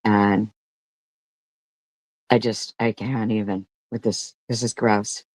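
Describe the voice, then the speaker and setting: A woman's voice: extremely low pitch, level tone, takes it slowly, a little mellow, no room sound. A woman hosting a reaction commentary, voicing exasperated and disgusted remarks about a clip. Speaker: commentary host.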